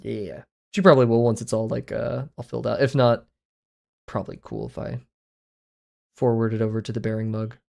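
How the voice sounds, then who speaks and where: Male art streamer, casual rambling chatter, gravelly fry in the voice, middle pitch. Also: level tone, a little fast, pauses often, dark tone. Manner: chatty, rambling, self-deprecating. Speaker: livestreaming artist. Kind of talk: casual livestream chat while drawing.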